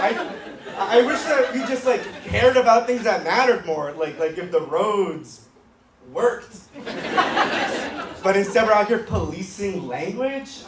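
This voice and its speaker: Deadpan edgy stand-up guy, kinda high voice, roomy club sound picked up from far off. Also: very noisy. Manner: deadpan, edgy, self-mocking delivery. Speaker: stand-up comedian. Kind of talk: stand-up comedy set. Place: comedy club stage with live audience.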